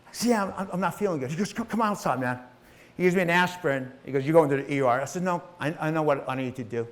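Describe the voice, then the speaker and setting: Brief: middle-aged male entrepreneur, somewhat high voice, raw profane motivational storytelling. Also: quick pace. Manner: emotional, profane, acts out voices in his story. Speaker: entrepreneur telling his life story.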